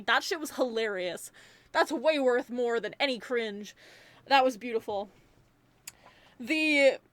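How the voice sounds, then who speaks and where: A young woman giving a casual movie review, animated and rambling, swearing freely as she rants. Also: high-pitched, no echo. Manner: rambling, many fillers.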